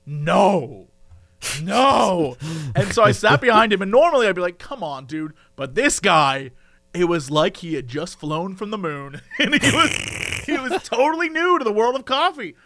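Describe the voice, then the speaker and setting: A man co-hosting a casual chat, telling an animated story and laughing often. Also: high voice, fairly quick. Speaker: podcast co-host.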